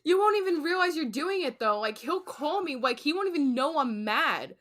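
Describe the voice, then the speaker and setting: A woman in her twenties co-hosting a podcast, chatting casually with animated, profane storytelling. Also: high voice, normal speed. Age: 20s. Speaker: podcast co-host. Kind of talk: casual chat.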